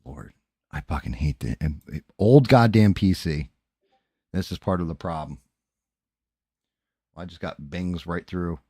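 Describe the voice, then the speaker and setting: A man's voice: sits low, animated, measured pace, pauses often, mellow, slightly rough, no room sound, clean studio sound. A man hosting a casual livestream, talking in a profane, rambling, off-hand way. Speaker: streamer and host. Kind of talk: casual livestream chat while painting.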